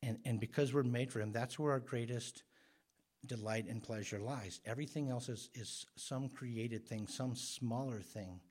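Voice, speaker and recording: A man preaching a sermon as pastor, earnest and emphatic, growing louder on the words he stresses. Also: medium pitch, normal speed.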